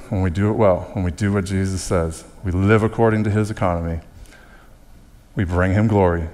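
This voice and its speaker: A man's voice: sits low, darkish tone, long reverb tail. A male pastor preaching a sermon in an earnest tone. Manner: earnest, breaks into playful mock voices.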